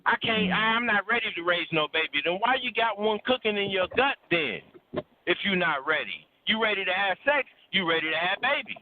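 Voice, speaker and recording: A man with a fairly high voice lectures bluntly and preachily, swearing freely and hammering points by repeating words. He is heard over a thin, phone-like call line with little low end. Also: expressive, normal speed, slight background noise. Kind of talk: casual call-in talk about relationships.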